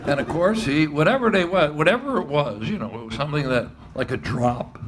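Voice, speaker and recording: Older man telling lively coaching anecdotes. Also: fairly high pitch, a little fast, a little hiss or hum. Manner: animated anecdotes, frequent laughter, acts out quoted voices. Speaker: retired baseball coach and athletic director. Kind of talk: storytelling interview.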